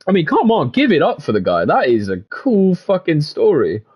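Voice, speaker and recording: A man's voice: on the high side, wildly swooping pitch, normal speed, breathy edge, muffled recording. A man giving gaming commentary and reading in-game text aloud, swearing freely and laughing often. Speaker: gaming video creator.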